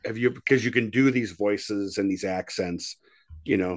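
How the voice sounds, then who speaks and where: A man co-hosting a podcast, asking interview questions in a lively, playful way. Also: lowish voice, normal speed. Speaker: podcast co-host.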